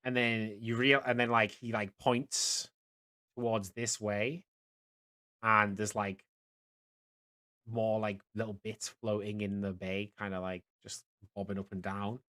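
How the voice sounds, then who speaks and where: Low-voiced man narrating as game master. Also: little pitch movement, sharp tone. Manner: halting, many fillers and restarts. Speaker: dungeon master.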